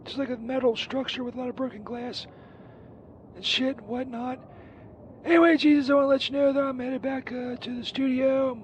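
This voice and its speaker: A man's voice: very high voice, flat delivery, brisk, slight background noise, rough recording. A man voicing a crude, burned-out Saint Peter who rambles profanely through a comedic voicemail. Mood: rambling. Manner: rambling, profane, distracted, lots of fillers.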